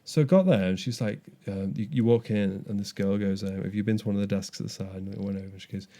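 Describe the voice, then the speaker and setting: Fast-talking low-voiced man. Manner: animated storytelling with frequent restarts. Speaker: podcast co-host. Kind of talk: casual chat.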